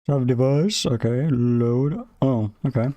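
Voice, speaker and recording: A man with a mid-range voice mutters slowly to himself while coding on stream, dropping half-sentences and swearing when things fail. The audio is dull with no echo, and typing is audible.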